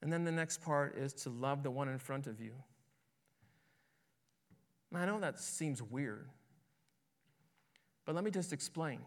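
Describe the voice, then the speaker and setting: A man's voice: mid-range voice, unhurried, long pauses. A man preaching a sermon as pastor, in a conversational way that keeps checking in with listeners and repeats words as he goes. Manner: conversational, asks "right?" often, repeats words.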